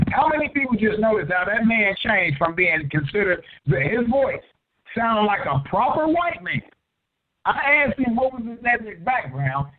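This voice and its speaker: A man hosting a call-in show, confrontational and profane, grilling a caller. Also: high voice. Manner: profane, combative, interrogating. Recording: tinny phone-line audio.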